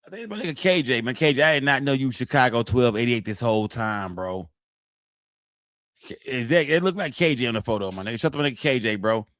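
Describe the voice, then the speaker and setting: Guy on a live stream talking fast to chat, slangy and cussing, dry close sound. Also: medium pitch, animated, a bit bright, no room sound. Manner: loose, profane, repetitive street slang. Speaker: streamer reacting to court footage. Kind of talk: casual live-stream commentary.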